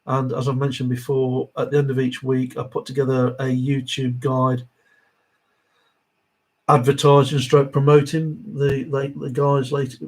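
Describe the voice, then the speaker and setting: A man's voice: mid-range voice, monotone, unhurried, poor audio. A middle-aged man hosting a live Q&A stream, chatting casually and reading viewer comments aloud.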